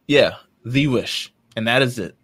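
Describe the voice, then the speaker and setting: A man co-hosting a casual fan podcast, laid-back and quick to laugh as he retells scenes. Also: medium pitch, a bit bright, husky. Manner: laid-back, laughs often, acts out characters' lines. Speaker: podcast co-host.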